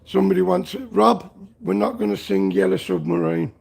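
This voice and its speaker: A man from Liverpool, England hosts a livestream from a garage workshop, reading the chat and joking around with viewers. His voice is high with vocal fry and he talks fairly quickly. He has a jokey manner and keeps breaking into snatches of songs.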